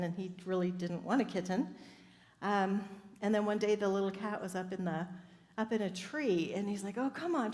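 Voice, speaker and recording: A woman minister giving an upbeat sermon, telling stories and laughing often. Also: mid-range voice. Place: church sanctuary. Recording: echoey hall with faint ambience.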